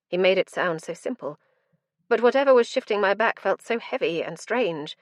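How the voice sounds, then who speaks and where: A woman's voice: medium pitch, expressive, normal speed, no room sound, clean studio sound. A woman narrating a first-person fantasy audiobook in an intense, dramatic storytelling manner.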